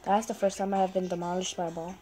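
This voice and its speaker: A woman's voice: on the low side, flat delivery, quick pace, mellow, faint music behind, rough recording. A young woman giving casual running commentary on a video game, chatting to viewers and often apologizing to them. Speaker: gaming channel host.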